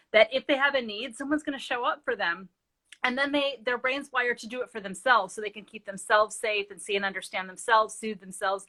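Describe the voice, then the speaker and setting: A woman's voice: a little high, sharp tone. A middle-aged woman, a parenting expert, explaining earnestly in a live interview and telling stories with quoted dialogue.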